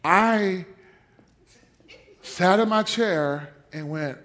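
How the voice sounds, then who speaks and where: A man's voice: sits high, drawn-out words, a bit bright. A male pastor preaching, telling a story with lots of animation, acting out the voices and laughing often. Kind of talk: sermon.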